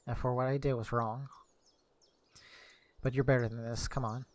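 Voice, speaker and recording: A man's voice: mid-range voice, level tone, normal speed. A young man streaming, reading a visual novel aloud casually, correcting his slips as he goes.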